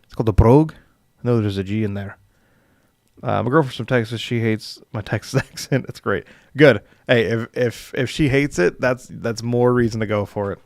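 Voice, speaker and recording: A man's voice: medium pitch, normal speed, creaky, dry recording, clean studio sound. A young man casually hosting a live stream as dungeon master, rambling with filler words and chuckling as he reads viewer comments.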